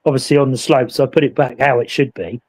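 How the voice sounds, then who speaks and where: A man recounting a ghost investigation in casual chat, acting out the voices in his story with animated energy. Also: mid-range voice, fast talker, gravelly. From England. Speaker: paranormal investigator.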